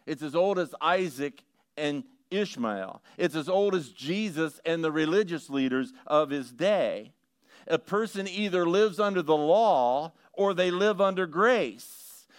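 A middle-aged man preaches in a smooth, resonant voice that sits a little high. He drops low for stories, then climbs into emphatic, questioning bursts. The sound is dry and close. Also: dry recording. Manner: animated preaching, swings from quiet storytelling to rising emphatic questions. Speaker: pastor. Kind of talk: sermon.

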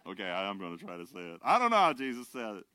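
Older male pastor, sermon, bright and forceful, animated, dry close sound. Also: on the low side, rapid-fire, no room sound. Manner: animated, swings from shouting to quiet asides.

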